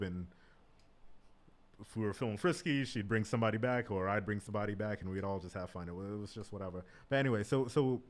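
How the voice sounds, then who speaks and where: A man in his thirties telling stories as a guest in a casual chat. He swears freely and often says "like" and "bro". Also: fairly low pitch. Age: 30s.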